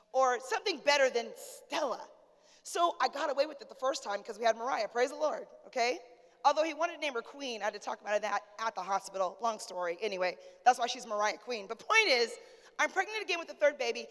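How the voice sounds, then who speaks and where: High-voiced woman pastor preaching. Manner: lively, conversational preaching with church call-outs. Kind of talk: sermon. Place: church sanctuary. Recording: church hall with long reverb.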